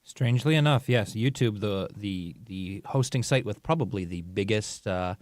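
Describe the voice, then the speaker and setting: A man on the show team joining a casual studio chat in a laid-back, measured way. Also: fairly low pitch, a little mellow, dry recording. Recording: off-mic, distant.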